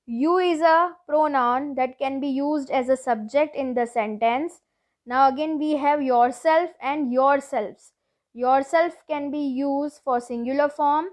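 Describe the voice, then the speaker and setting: A woman teacher giving a grammar lesson to schoolchildren, explaining each rule slowly and patiently, with lots of repetition. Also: sits high. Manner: slow, deliberate, repeats each rule patiently.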